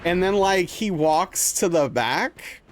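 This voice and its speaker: Young dude streaming a game, kinda high voice, just rambling and telling stories to chat. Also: male voice, slow. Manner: rambling, animated storytelling with lots of "dude" and "like". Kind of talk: casual chat while playing a game live.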